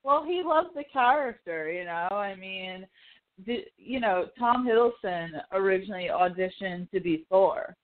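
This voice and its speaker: A woman's voice: medium pitch, lively intonation, unhurried. Woman podcast host rambling about movies, swears a lot, sounds thin like a phone call. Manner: chatty, swears freely, acts out quotes. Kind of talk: casual pop-culture chat. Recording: tinny phone-like call audio.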